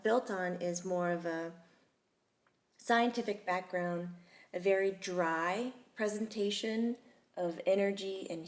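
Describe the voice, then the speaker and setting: A woman hosting a casual chat, telling stories in an animated, chatty way. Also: medium pitch. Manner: chatty, animated storytelling with laughter. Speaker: host.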